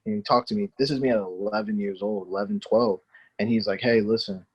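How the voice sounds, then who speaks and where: A man's voice: on the low side, steady tone, fast talker, husky, lo-fi sound. A man, a former pro soccer player, telling a long story in a podcast interview, rambling with lots of fillers like "you know".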